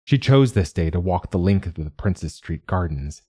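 Deep husky male audiobook narrator. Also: expressive, warm tone, dry recording, clean studio sound. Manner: measured storytelling. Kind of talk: scripted narration.

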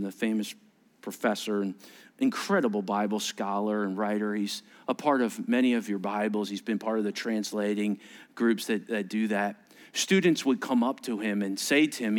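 A male pastor preaching a sermon in a conversational, animated way, acting out quoted voices and asking the listeners questions. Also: fairly high pitch, normal speed. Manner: animated, acts out quoted voices with sudden rises; conversational, asks the congregation questions.

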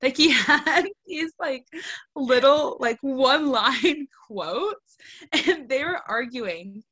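Bright-voiced woman chatting casually. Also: sits high, takes it slowly, slightly rough. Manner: animated, swears freely, quotes lines in a dry deadpan. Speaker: podcast co-host reviewing a book. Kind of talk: casual book review chat.

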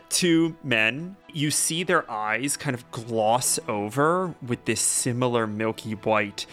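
A man's voice: medium pitch, a bit bright. A man narrating a tabletop role-playing game as game master, casual and improvising with lots of fillers.

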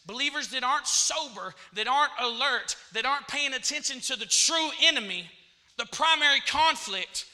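A man's voice: very high-pitched, pushed and bright. A man preaching a sermon in church, repeating phrases and calling out to the congregation.

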